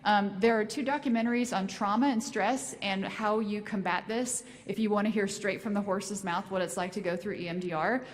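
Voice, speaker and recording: A woman's voice: medium pitch, steady tone, fairly quick, few pauses. A woman giving a casual, chatty speech at a ceremony and then telling a joke. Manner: chatty and informal, with fillers. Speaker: speaker at a fire service ceremony. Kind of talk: public speech with a told joke. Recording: long echoing hall reverb.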